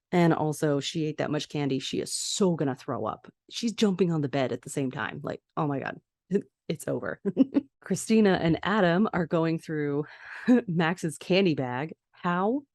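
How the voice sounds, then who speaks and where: A woman's voice: low voice, a little mellow, no echo. A woman hosting a podcast, recapping a TV episode in casual chat, full of "like" fillers and laughter. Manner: chatty, many "like" fillers, frequent laughs. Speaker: podcast host.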